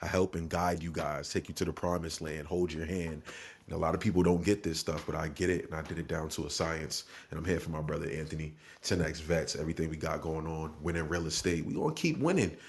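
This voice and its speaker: A man guest on a live stream, hyping the crowd loudly with slang about his media work. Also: very deep voice, fairly even intonation, fast talker, slightly rough. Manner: loud, hyped, slangy. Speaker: guest co-host.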